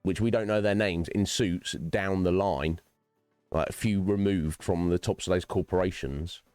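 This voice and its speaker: This deep male voice keeps a fairly even intonation at a moderate pace, sounding a little mellow, with no echo and faint background music. As host of his own gaming livestream, he addresses viewers by name, wandering into philosophical tangents and cursing without restraint.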